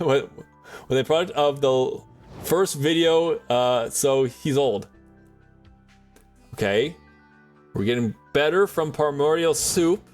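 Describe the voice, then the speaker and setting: A man's voice: a little high, takes it slowly, long pauses, faint music behind. A man streaming live and chatting with his audience in a rambling, jokey way, laughing often.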